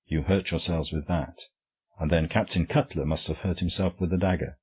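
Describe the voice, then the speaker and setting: A man voicing a small, quiet middle-aged priest detective who speaks in measured, grave tones in an audiobook. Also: sits low, steady tone, husky. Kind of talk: audiobook character reading.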